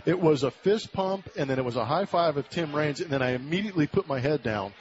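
A somewhat high, fast voice belongs to a Southern Californian man in his forties, a former ballplayer guesting on a casual interview. The radio broadcast audio is muffled with a little hiss or hum, and he tells his story animatedly, performing quoted voices.

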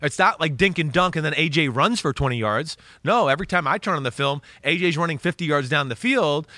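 A man talking football on a podcast, animated and blunt, swearing freely as he makes his case. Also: a little high, dry recording. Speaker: football analyst. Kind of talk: casual podcast talk.

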